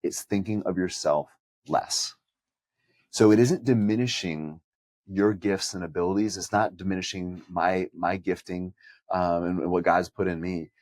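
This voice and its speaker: A man's voice: low voice, fairly even intonation, measured pace, a little mellow, dry recording. A man co-hosting a podcast who also preaches, telling personal stories in an earnest, reflective way. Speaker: podcast co-host and pastor. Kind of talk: conversational podcast chat.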